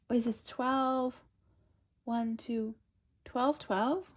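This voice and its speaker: A woman's voice: fairly high pitch, takes it slowly, slight background noise. A woman giving a casual tarot reading. She reads card meanings aloud and then riffs on them, chatting straight to the viewer in an upbeat, coaxing way. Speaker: tarot reader.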